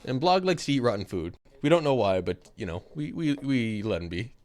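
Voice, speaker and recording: A man's voice: mid-range voice, sing-song, fairly quick, darkish tone, no echo. A young man streaming a game, chatting in a laid-back way, laughing easily and swearing casually. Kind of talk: casual gaming chat.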